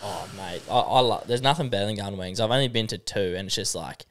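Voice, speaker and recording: A man's voice: on the low side, fast talker, a bit bright. A man with an Australian accent co-hosting a podcast with keen, laughing banter. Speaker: podcast co-host. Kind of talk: casual podcast chat.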